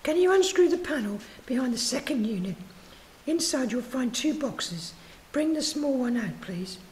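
A woman's voice: high voice, lively intonation, darkish tone, slight background noise, voice pushed up. A woman voicing a frail, dying old male safecracker who speaks weakly and with confusion. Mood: weak, confused. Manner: weak, confused, slow.

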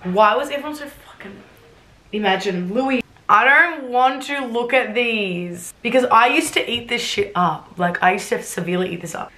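A woman's voice: fairly high pitch, normal speed, sharp tone. Blunt, sweary woman in her twenties. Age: 20s. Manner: blunt, sarcastic, swears freely. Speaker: YouTuber. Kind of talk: casual reaction vlog. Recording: roomy echo.

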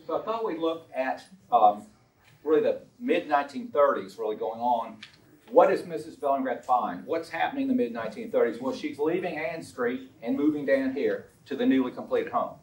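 A man's voice: mid-range voice, moderate pace, a little mellow. A man giving an illustrated lecture on a historical collection, chatty and anecdotal, with frequent ums and uhs. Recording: roomy sound from a distant mic.

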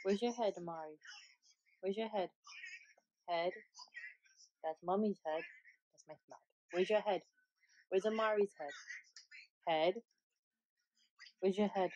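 A woman's voice: medium pitch, unhurried, pauses often, darkish tone, no echo, dull audio. A mother at home talking to her baby in coaxing, sing-song baby talk and laughing often. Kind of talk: home video chat with a baby.

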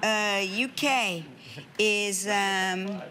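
A woman's voice: medium pitch, very slow, pushed and bright. A woman co-hosting a morning talk show, chatting playfully and laughing often in front of a live studio audience. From United States. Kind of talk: casual chat.

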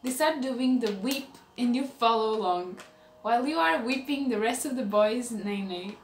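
A woman's voice: a little high, normal speed, a little hiss or hum. A young woman narrating fan fiction aloud, often breaking into laughter. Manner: reads aloud through frequent laughter. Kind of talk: giggly reaction reading. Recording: roomy room, faint music.

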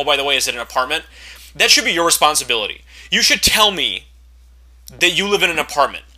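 A man in his twenties rants straight to camera, his voice bright and cutting. He sits a touch high for a man and swears freely. His exasperation keeps climbing into loud, fed-up outbursts. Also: low-quality recording. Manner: profane, exasperated, building to angry shouting. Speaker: vlogger. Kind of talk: ranting monologue to camera.

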